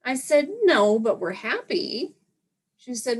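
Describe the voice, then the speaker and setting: A woman doing a stand-up set with a slow deadpan delivery, voicing her young daughter in between. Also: mid-range voice. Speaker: stand-up comedian.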